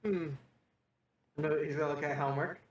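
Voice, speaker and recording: A man's voice: fairly high pitch, fairly even intonation, normal speed, lo-fi sound. A man playing in a tabletop game, talking in a playful, teasing way. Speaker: player.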